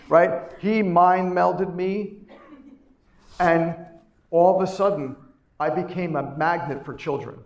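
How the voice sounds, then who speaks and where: A middle-aged man delivers an inspirational conference speech with a fairly high voice. He hammers home key lines by repeating them and keeps asking his listeners questions. The sound rings around a roomy hall. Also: normal speed. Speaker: chiropractor giving a keynote talk. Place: conference hall, live before an audience.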